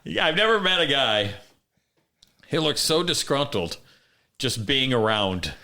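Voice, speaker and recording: A man's voice: medium pitch, big pitch swings, measured pace, sharp tone. A man hosting a casual studio interview, joking and teasing with blunt, profane banter. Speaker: podcast host.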